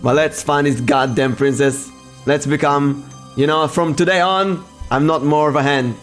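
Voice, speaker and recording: A man's voice: on the high side, fairly even intonation, normal speed, soft background music, natural voice. Man doing Hen Fen, a whiny cowardly adventurer. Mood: rousing. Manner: whiny, panicky, self-referring in third person. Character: cowardly boastful young male adventurer.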